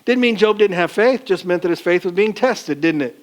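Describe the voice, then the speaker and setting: Man, pastor, sermon, colloquial, rhetorical questions, fairly high pitch. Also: animated, a little fast.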